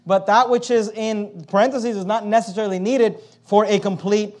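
A male pastor preaching an expository sermon, slowing down and stressing the scripture he quotes. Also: sits high, steady tone, a little mellow.

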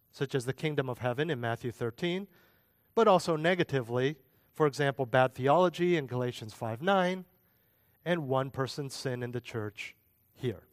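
A man's voice: fairly high pitch, no room sound, clean studio sound. A middle-aged man preaching a sermon as a pastor, talking conversationally and asking the listeners rhetorical questions.

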